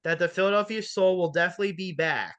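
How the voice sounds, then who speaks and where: A man's voice: high voice, fast talker, fairly bright tone, muffled recording. A man hosting a sports talk show, chatting casually and filling his sentences with "like" and "you know". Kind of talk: casual interview.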